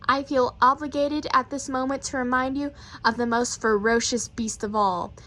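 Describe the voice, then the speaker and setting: High-voiced woman reading rhymes playfully. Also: poor audio. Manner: playful, rhythmic, expressive. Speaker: reader. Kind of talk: reading children's poems aloud.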